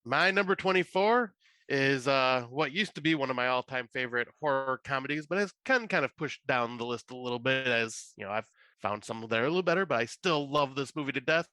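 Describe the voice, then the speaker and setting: A man with a bright, forceful voice co-hosts a casual podcast chat. He rambles and restarts, swears freely and laughs often. The sound is dry and close, with no room in it. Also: mid-range voice, lively intonation, a little fast, no room sound. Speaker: podcast co-host.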